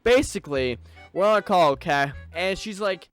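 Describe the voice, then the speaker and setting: A man's voice: high-pitched, normal speed, clear, resonant tone, soft background music. A young man doing an angry personal rant as a streamer, agitated and swearing, stumbling over his words as he talks to a desk mic. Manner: agitated, swearing, restarts and stammers.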